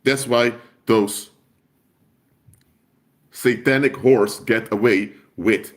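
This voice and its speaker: A man's voice: mid-range voice, extremely slow, a little hiss or hum. Emphatic man preaching on a live stream. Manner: emphatic, repeats key phrases for force.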